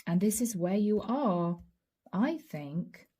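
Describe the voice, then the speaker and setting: A woman giving a channeled tarot reading to camera, gentle and encouraging, speaking straight to her viewers and breaking into soft laughs. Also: medium pitch, expressive, slow, slightly rough. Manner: often breaks into light laughs and soft asides. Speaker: tarot reader.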